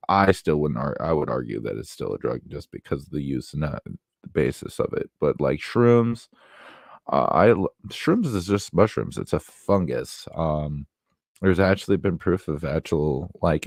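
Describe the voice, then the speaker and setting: A man's voice: a bass voice, creaky, darkish tone, no echo, clean studio sound. A young man in casual podcast chat, laid-back and rambling, cursing offhandedly.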